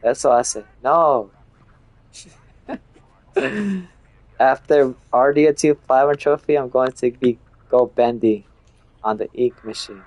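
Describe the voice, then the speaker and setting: A man's voice: mid-range voice, slow, pauses often, a little mellow. A young man chatting casually while streaming a horror game, laughing often and switching between English and Spanish. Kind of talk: casual live gameplay chat.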